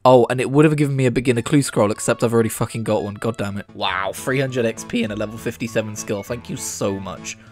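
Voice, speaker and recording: A man's voice: medium pitch, fast, few pauses, a little mellow, soft background music. A man giving casual, wry commentary over a game playthrough, often swearing and joking. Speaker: gaming video creator.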